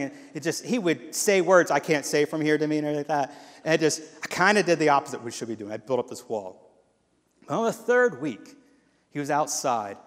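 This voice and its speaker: A man giving a sermon as guest speaker, telling stories and acting out the voices in them. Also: a little high. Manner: animated storytelling with quoted voices. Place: church hall. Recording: long hall reverb.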